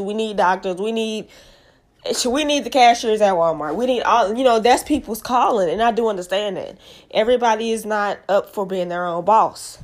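A young woman with a stuffy nose from allergies hosts her own show in a casual monologue, making emphatic points, repeating them, and asking the audience directly. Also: medium pitch. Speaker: show host.

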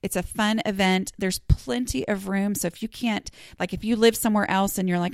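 A woman's voice: medium pitch, fairly even intonation, normal speed, gravelly, few pauses, dry recording, clean studio sound. A middle-aged woman hosting a podcast, rambling and self-deprecating with lots of fillers. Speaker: podcast host. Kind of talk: casual solo podcast talk.

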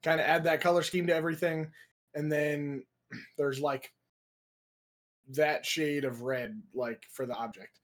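A man's voice: fairly high pitch, fairly even intonation, measured pace, pauses often. A young man co-hosting a podcast over a video call, telling a rambling, profane story packed with filler words. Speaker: podcast co-host. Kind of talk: casual chat.

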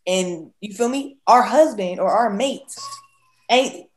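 A woman's voice: medium pitch, takes it slowly. A woman co-hosting a casual podcast, giving emphatic opinions in loose slang. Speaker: podcast co-host.

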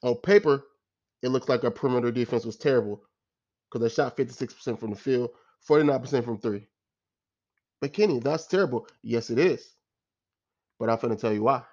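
A man rants about a game in a casual, exasperated way, circling back on his points and throwing in slang. His voice sits at an everyday middle pitch. The recording sounds dull and lo-fi. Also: fairly even intonation, fast talker, a little mellow. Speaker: sports fan commentator. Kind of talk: casual post-game rant.

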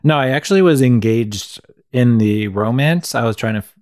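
A man with a mid-range voice co-hosts a relaxed film podcast. He is wry and easygoing, and he agrees readily with his co-host. The sound is dry and close. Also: mid-range voice, moderate pace, dry recording. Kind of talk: casual film-discussion chat.

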